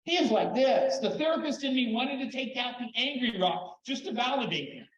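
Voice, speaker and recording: Lively older man speaking in a hall. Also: very high voice, moderate pace. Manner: expressive, repeats words when excited. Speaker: conference speaker. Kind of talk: animated storytelling talk. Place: conference hall. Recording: echoey, dull hall recording.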